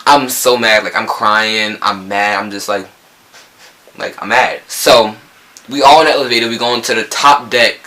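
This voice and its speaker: A man's voice: on the low side, fairly even intonation, moderate pace, bright, forceful tone, rough recording. A young man from New Jersey with a local accent, telling a rambling storytime vlog full of quoted dialogue. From Newark, New Jersey. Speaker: vlogger. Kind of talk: casual storytime.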